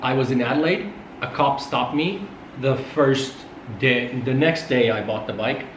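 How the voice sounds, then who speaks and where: A man's voice: mid-range voice, measured pace. A man from Finland, a guest talking casually in a rambling way, full of restarts and fillers. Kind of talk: casual conversational interview. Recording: echoey room, faint background hum.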